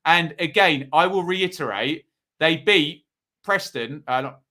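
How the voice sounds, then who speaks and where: A man's voice: on the high side, animated, measured pace, bright, forceful tone. A man hosting a live football preview, chatting and reading out viewer predictions. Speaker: football podcast host.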